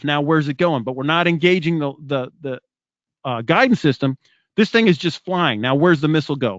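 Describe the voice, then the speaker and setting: A middle-aged man giving an animated motivational talk to a group, asking them many rhetorical questions. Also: a little high, no echo, dull audio. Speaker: speaker.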